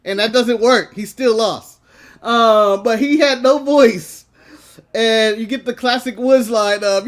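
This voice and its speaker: A man's voice: very high voice, takes it slowly, a bit bright. A man co-hosting a wrestling podcast in casual chat. He laughs often and tells stories with acted-out quotes.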